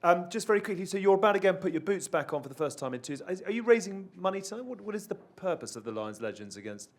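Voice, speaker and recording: Fast-talking podcast host. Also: male voice, high voice, big pitch swings. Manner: brisk, announcer-like plugs and introductions. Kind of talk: hosting a live podcast.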